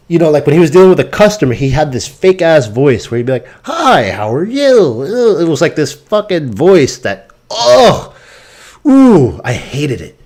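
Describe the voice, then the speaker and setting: A man hosting a crypto stream, telling stories in a casual, rambling and profane way, ranting and sounding exasperated. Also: on the high side. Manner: profane, animated storytelling.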